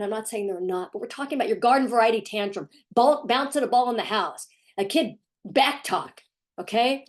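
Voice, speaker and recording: A middle-aged woman talks as a parenting coach in an opinionated video commentary. She is sarcastic and emphatic, and her voice sits in a middle pitch. She pushes her points with animated stress.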